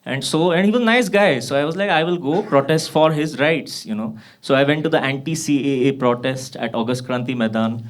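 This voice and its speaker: In a comedy club, a Kashmiri man in his thirties speaks briskly in a mid-pitched voice with few pauses, delivering a foul-mouthed stand-up routine. Audience laughter rings out as his frustrated punchlines land and his voice spikes when he's riled.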